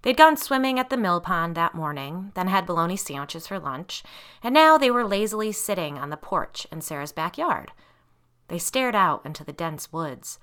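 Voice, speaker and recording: Lively bright-voiced woman storyteller. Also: lowish voice, normal speed. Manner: expressive storytelling. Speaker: narrator. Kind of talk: scripted story narration.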